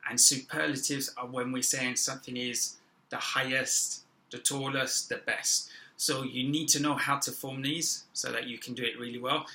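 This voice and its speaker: A man teaching an English grammar lesson, speaking slowly and stressing each example word. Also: mid-range voice, vocal fry, sharp tone, poor audio. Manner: slow, deliberate, stressing example words. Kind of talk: classroom-style grammar lesson.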